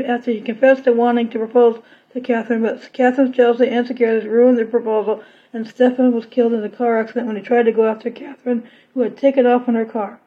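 Woman reading a story, lo-fi sound. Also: a little high. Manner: plain reading with occasional restarts. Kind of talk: storybook narration. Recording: dull lo-fi recording.

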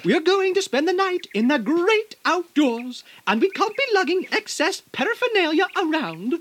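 A man's voice: very high voice, very animated, normal speed, a bit bright, exaggerated voice. An actor playing a stuffy, affected older woman nature expert in vocal drag, giving bossy instructions. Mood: prim, bossy. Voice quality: very affected, put-on prim voice. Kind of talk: radio drama acting.

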